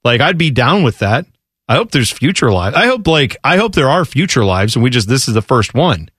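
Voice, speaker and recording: A man's voice: medium pitch, sing-song, brisk, fairly bright tone, breathy edge, no echo, studio quality. A man co-hosting a radio show in a casual, rambling, self-deprecating chat.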